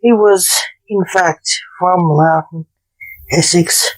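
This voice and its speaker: A woman's voice: on the low side, takes it slowly, darkish tone, rough recording. A woman narrating a historical romance story aloud as a storyteller.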